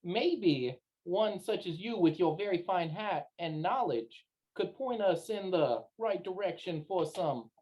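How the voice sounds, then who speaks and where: A woman playing a smooth-talking young male adventurer who pitches himself in a wheedling, persuasive way. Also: animated, unhurried, dark tone. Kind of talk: tabletop role-play voice acting.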